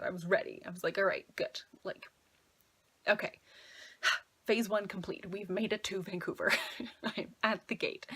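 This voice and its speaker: A woman's voice: on the low side, slightly rough. A young woman in her twenties, chatty and filling her talk with "like", casually retelling a travel mishap as a vlogger. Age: 20s. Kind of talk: casual storytelling.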